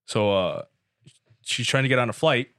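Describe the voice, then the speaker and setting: A man's voice: mid-range voice, moderate pace, a bit bright, dry recording, studio quality. A young man in casual chat with friends, telling long rambling jokes and swearing freely. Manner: rambling joke-teller, swears a lot.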